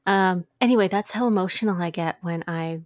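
A woman's voice: on the low side, brisk, dry recording, studio quality. A woman co-hosting a podcast in casual chat, talking in a chatty, emotional way with frequent laughs. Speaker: podcast co-host.

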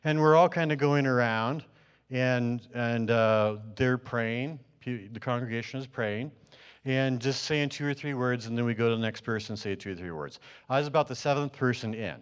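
A man's voice: medium pitch, moderate pace, clear, resonant tone. A man sharing a dream as a testimony to his church congregation, telling it as a story with many fillers and restarts.

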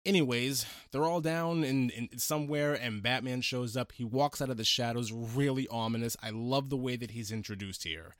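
Male podcast host, mid pitch, excitable and gushing, dry close sound. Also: normal speed, hardly any pauses, dry recording. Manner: enthusiastic, gushing, stammers on restarts. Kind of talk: casual movie review chat.

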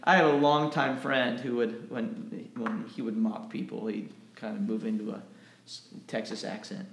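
A man preaching a sermon in an animated way, often repeating words as he gets going. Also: fairly low pitch, moderate pace, creaky, roomy sound, slight background noise. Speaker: pastor. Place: church.

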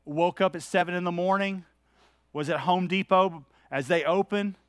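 Middle-aged man, pastor giving a sermon, conversational and candid, high voice, dry close sound. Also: normal speed, clean tone, no echo. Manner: conversational, candid, anecdotal preaching.

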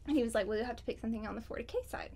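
A woman's voice: on the high side, very fast, creaky, dark tone. A woman talking as a guest in a casual interview, chatty and rambling, often laughing. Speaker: guest on a gaming podcast.

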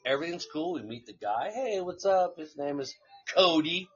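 A man's voice: a little high, animated, normal speed, a bit bright, breathy edge, dull audio, faint music behind. A man casually telling a rambling story on a live stream, swearing freely and laughing along the way. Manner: profane, rambling anecdote with laughs.

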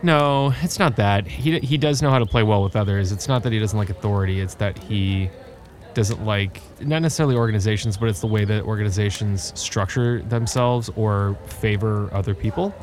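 A man playing a character in a tabletop game, gruff and swearing in mock outrage. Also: fairly low pitch, a little fast. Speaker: player.

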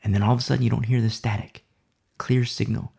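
A man's voice: medium pitch, flat delivery, quick pace, vocal fry, darkish tone, breathy edge. A man preaching a Bible sermon, emphatic and repeating key phrases for emphasis.

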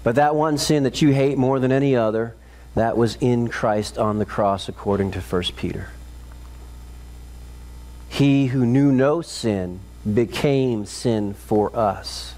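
A man preaching a sermon, retelling a story with dramatic intensity, climbing high and loud at peaks and dropping low and slow for solemn moments. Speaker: pastor.

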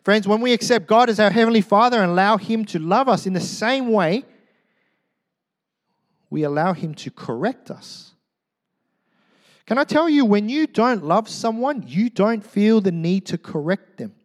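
Brief: middle-aged male pastor, a touch high-pitched, animated joking sermon, drops to quiet asides. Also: moderate pace, in a large hall. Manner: animated, joking, swings from loud to hushed. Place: church.

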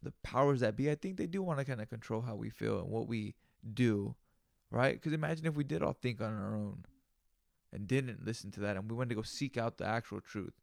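A man from the United States hosting a solo podcast at home, high on cannabis and ranting in a loose, profane, slangy monologue. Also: fairly quick, creaky, no room sound, clean studio sound. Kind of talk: casual rambling monologue.

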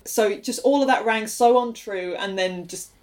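A woman talking through a show with a slightly high voice. She is animated and critical, and she swears freely while acting out quotes in a casual podcast chat. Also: moderate pace. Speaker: podcast co-host.

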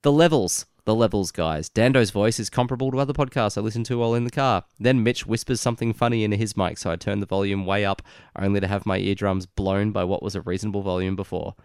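A man's voice: lowish voice, steady tone, fast talker, hardly any pauses, a little mellow, clear, resonant tone, no room sound, studio quality. A man co-hosting a podcast in casual chat, laid-back and understated, sounding congested and nasal. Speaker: podcast co-host.

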